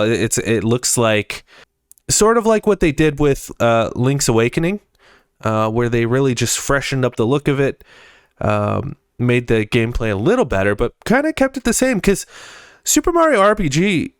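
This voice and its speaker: Chatty, enthusiastic young man, smooth voice. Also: medium pitch, no room sound, studio quality. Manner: enthusiastic, chatty, with frequent fillers. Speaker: podcast host. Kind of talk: casual gaming news commentary.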